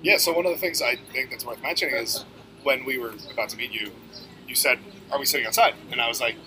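A man hosting a casual interview, relaxed and conversational, talking from an outdoor table. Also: medium pitch, fast, a little hiss or hum, rough recording. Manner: relaxed, conversational, says "like" often. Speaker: podcast host, bartender. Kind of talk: casual chat. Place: outdoors at a street-side table.

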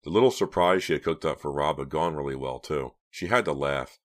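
A man reading an audiobook in steady, measured scripted narration. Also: extremely low pitch.

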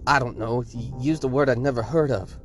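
A man voicing a frightened soldier who speaks hushed and shaky in an audio story. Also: mid-range voice, brisk, close to an everyday voice. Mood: shaken. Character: frightened young male soldier.

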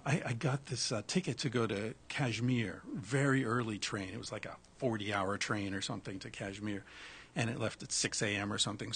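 Brief: casual raconteur, husky and gravelly, animated and blunt. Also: male voice, on the low side. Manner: animated, swears freely, restarts. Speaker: guest telling a travel story. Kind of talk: casual storytelling.

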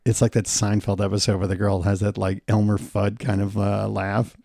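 A man's voice: lowish voice, level tone, moderate pace, creaky, mellow, no room sound, clean studio sound. A man co-hosting a podcast, asking questions in easygoing banter and laughing often. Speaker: podcast co-host.

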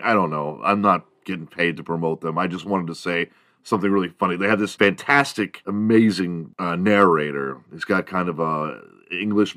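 A man's voice: fairly bright tone, no echo, clean studio sound. A man hosting a solo morning podcast, riffing in a rambling, profane, comedic monologue and laughing at his own jokes. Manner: mimics other people in high squeaky voices. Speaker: podcast host.

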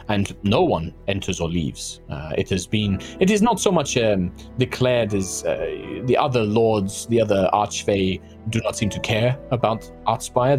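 A man's voice: on the low side, darkish tone. A man voicing a gracious, formal fae noblewoman who speaks politely with frequent hesitations. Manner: formal, hesitant with many fillers.

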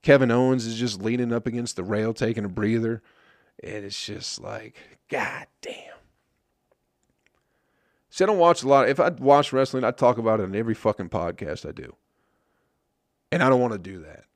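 A man's voice: medium pitch, fast talker, no echo, clean studio sound. A young man hosting a podcast, rambling in casual chat with lots of swearing and wry self-mockery. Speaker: podcast host. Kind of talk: casual solo podcast rant.

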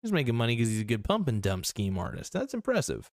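A man's voice: medium pitch, sing-song, fast, no room sound. Man, casual reaction commentary, blunt and rambling, swears a lot, dry close sound.

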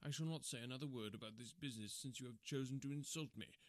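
A man's voice: medium pitch, fast, no echo, lightly acted. A man reading the part of a proud, sullen young man who coldly defies his father in an audiobook. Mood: defiant. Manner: cold and defiant.

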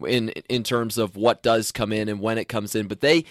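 Measured Midwestern man with a voiceover background. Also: lowish voice, fairly even intonation, no echo, clean studio sound. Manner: measured, friendly, speaks of his voiceover voice. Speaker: podcast co-host. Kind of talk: casual chat.

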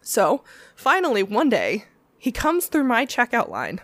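A woman's voice: fairly high pitch, wildly swooping pitch, a little slow, no echo, clean studio sound. A woman co-hosting a podcast, telling rambling, laughing stories and acting out the customers in them. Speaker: podcast co-host. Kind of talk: casual storytelling chat.

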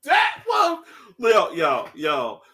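A man co-hosting a casual podcast, excitable and laughing often, acting out quotes loudly. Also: on the high side, drawn-out words. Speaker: podcast co-host. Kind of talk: casual chat.

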